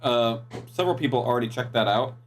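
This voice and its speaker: Calm male game master. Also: mid-range voice, fast talker. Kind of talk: running a tabletop game.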